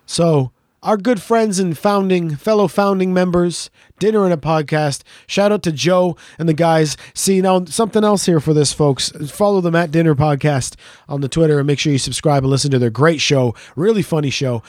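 A middle-aged man with a notably high voice, chatting loosely on a podcast. He rambles and jokes and swears freely. The sound is close and dry, with no room around it. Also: normal speed, a little mellow, no echo. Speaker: podcast co-host. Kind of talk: casual chat.

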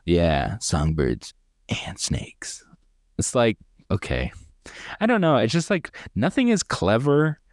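A man's voice: mid-range voice, huge pitch swings, slow pace, no room sound, studio quality. A man co-hosting a podcast, chatting casually and sarcastically about a movie he found goofy, rambling with fillers and mocking the characters. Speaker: podcast co-host. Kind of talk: casual movie review chat.

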